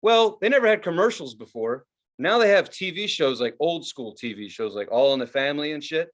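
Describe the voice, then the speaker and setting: A man from the United States on a casual podcast, ranting with heavy swearing and jumping from low grumbles to high outbursts. His pitch sits a bit high and swings widely. He mocks people by quoting them in a put-on voice. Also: fairly quick, dull audio. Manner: animated, swearing, mock-quoting advertisers in raised voice. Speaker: podcast co-host. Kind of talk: casual profane rant.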